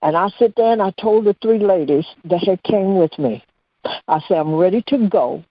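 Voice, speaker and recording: A woman guest, telling a personal story on a radio talk show and acting out the dialogue with lively energy. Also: medium pitch, moderate pace, no echo. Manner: animated storyteller who acts out dialogue. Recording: dull, dry radio-show audio.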